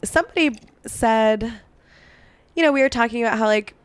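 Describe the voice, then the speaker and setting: Woman podcaster chatting, voice kinda hoarse and fading, lots of likes, dry close sound. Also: on the high side, normal speed, dry recording. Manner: chatty, many "like" fillers, indignant asides. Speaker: podcast co-host. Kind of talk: casual chat, telling history.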